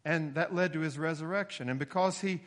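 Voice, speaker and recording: A man's voice: on the high side, fairly quick. A male preacher giving an expository sermon, explaining steadily and rising for emphasis now and then. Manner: explanatory, steady teaching tone with occasional emphatic rises. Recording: long hall reverb.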